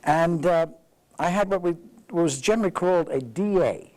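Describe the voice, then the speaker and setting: A man's voice: on the high side, moderate pace, rough recording. Older New man spinning a story. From the Bronx, New York. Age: 80s. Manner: lively storyteller who acts out dialogue. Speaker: veteran interviewee. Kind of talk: anecdotal storytelling.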